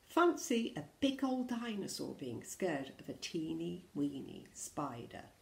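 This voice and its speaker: A woman voicing a brave young pirate captain in a storybook read-aloud, with loud rallying calls. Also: sits low, big pitch swings, a little slow, creaky, echoey room, exaggerated voice. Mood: cheerful. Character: brave boy pirate captain, bold and cheeky.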